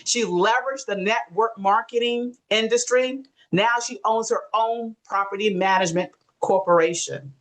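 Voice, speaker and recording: Energetic woman host, slightly high voice, hyping the audience. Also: normal speed, few pauses, rough recording. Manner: energetic, repeats calls to the chat. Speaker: call host.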